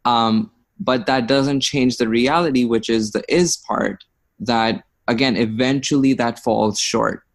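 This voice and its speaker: A man in a study group discussion, speaking slowly and reflectively, often pausing and restarting as he searches for words. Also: medium pitch, fairly even intonation.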